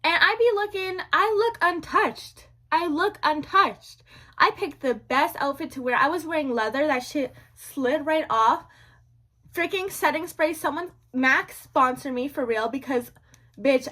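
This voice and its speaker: A young woman telling a story to her viewers in a casual vlog, animated and slangy, repeating lines for drama. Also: high voice, normal speed.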